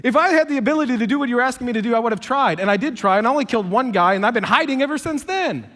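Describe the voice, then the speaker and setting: A man's voice: very high-pitched, animated, racing, a bit bright, pitched above the performer's own voice. A man voicing an old, reluctant male shepherd who talks in a casual, slangy, incredulous way. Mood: protesting. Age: older. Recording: long hall reverb.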